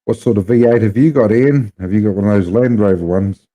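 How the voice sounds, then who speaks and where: A man's voice: fairly low pitch, brisk, dull audio. A man with a New Zealand accent chatting casually to viewers, rambling and blunt as he talks about his gear. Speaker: live streamer.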